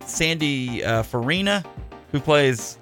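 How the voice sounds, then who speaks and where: A man's voice: medium pitch, expressive, slow pace, a bit bright, soft background music. A man hosting a podcast, chatting casually in a jokey, rambling way with lots of fillers. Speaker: podcast host.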